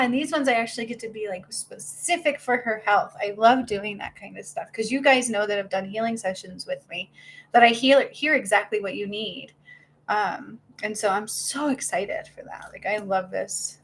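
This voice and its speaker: Bubbly, excitable woman medium. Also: on the high side. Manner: bubbly, excitable, laughs often. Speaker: spiritual medium and healer. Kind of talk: live-stream reading.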